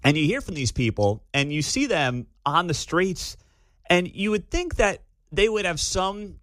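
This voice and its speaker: A man's voice: mid-range voice, dry recording. A man hosting a talk radio show, delivering sarcastic commentary from a studio. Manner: sarcastic, lively. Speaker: radio host. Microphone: studio microphone.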